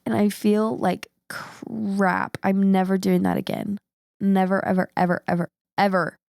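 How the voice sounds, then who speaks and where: A woman co-hosting a podcast, chatting casually in a rough, sick voice and rambling with frequent laughs. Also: medium pitch, little pitch movement, unhurried, a little mellow, no echo, studio quality. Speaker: podcast co-host. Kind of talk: casual chat.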